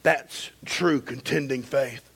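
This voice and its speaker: Male pastor, impassioned sermon, bright and tense tone, gravelly edge. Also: medium pitch, fairly even intonation, slow. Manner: impassioned, swinging from loud emphasis to hushed.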